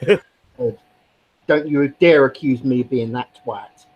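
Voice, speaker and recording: A man's voice: mid-range voice, unhurried, husky, dull audio. A man in casual chat, arguing his points bluntly. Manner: argumentative, blunt.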